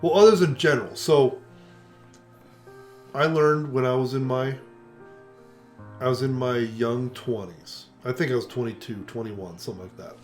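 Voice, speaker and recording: An older man talks through a casual conversation in a middle-pitched voice, acting out each person he quotes. Soft guitar music plays faintly underneath. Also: normal speed, pauses often. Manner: animated storyteller, acts out quoted voices. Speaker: co-host.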